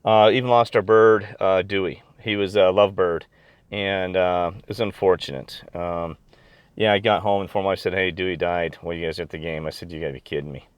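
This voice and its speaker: Rambling, excitable middle-aged man in a dry room. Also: sits low, normal speed, clean tone, no echo. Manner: rambling, excitable, many fillers and restarts. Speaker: video blogger. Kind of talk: casual chat.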